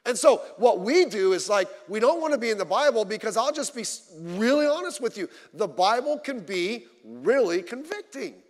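Pastor with a dramatic, swinging delivery. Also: male voice, very animated, normal speed, hardly any pauses, big-room sound. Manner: swings between loud emphatic lines and low quiet asides; informal storytelling with humor. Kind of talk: sermon. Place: church.

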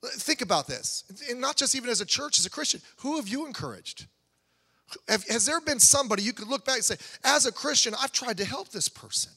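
Bright, high-voiced preaching man in a hall. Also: brisk, breathy edge. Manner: animated, conversational preaching with rising emphatic peaks. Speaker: pastor. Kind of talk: sermon. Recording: long hall reverb.

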